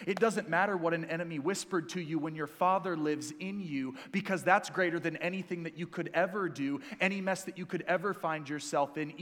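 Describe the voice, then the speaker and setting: A young man preaches to his congregation with an energetic, playful delivery and quick jokes. His voice sits a little high for a man. The sound carries a long reverb from the church hall. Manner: energetic, joking asides to the congregation. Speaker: pastor. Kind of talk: sermon.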